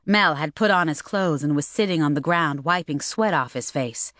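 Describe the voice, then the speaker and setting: A woman narrating an audiobook in a steady, even reading voice. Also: sits low, normal speed, no room sound, clean studio sound. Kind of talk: scripted narration.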